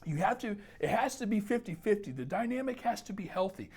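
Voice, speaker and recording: A man's voice: high voice, lively intonation, brisk, darkish tone, breathy edge. A man talking straight to camera as a dating coach, giving blunt, emphatic advice and swearing freely. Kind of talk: casual advice monologue.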